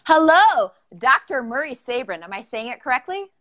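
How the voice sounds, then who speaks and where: A woman's voice: fairly high pitch, big pitch swings, a little fast, pushed and bright. Bubbly chatty woman hosting a live podcast. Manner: bubbly, chatty, filler-heavy. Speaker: podcast host. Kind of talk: informal live-streamed interview.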